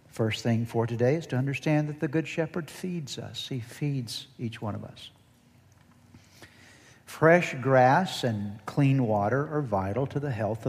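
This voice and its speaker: A man's voice: mid-range voice, darkish tone, long reverb tail. A man preaching a sermon as pastor, leading the congregation in call-and-response and growing more intense as he goes.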